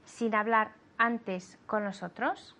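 A woman's voice: medium pitch, steady tone, slow, bright, forceful tone. A woman teaching English, giving sentences to translate and encouraging her student with frequent okays. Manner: patient, encouraging, says "okay" often. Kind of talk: bilingual language lesson.

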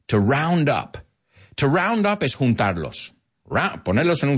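A man in his forties, a podcast host teaching English, talking in an animated way and acting out quotes. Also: moderate pace, husky. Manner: animated, acts out quotes with big pitch jumps. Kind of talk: bilingual English lesson.

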